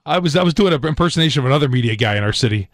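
A man's voice: medium pitch, expressive, racing, no room sound, studio quality. Hesitant male sports radio co-host. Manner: self-deprecating, hesitant. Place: radio studio. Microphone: studio microphone.

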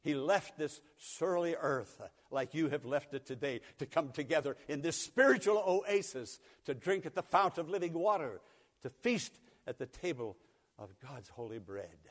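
A man's voice: fairly high pitch, expressive, measured pace, in a large hall. An older man from Pennsylvania preaching a sermon, telling a folksy story and chuckling often. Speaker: pastor. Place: church sanctuary.

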